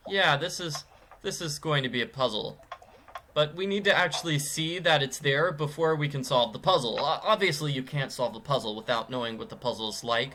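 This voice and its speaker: A man talks through a mystery adventure game in loose, rambling commentary. He keeps stopping and restarting his sentences. His voice is bright, forward and a little high. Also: brisk, slight background noise. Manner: rambling, self-interrupting. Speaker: let's play commentator. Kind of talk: casual gameplay commentary.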